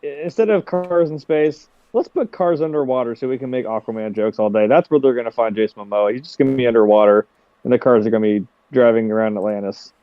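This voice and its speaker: A man's voice: medium pitch, fast talker, highs cut off. Profane, rambling man on a podcast. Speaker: co-host. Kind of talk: casual podcast banter.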